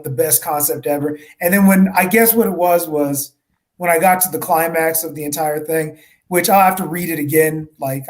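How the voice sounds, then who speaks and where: A man co-hosting a book club podcast, ranting with lots of swearing and mocking impressions. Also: on the high side. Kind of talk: casual podcast chat.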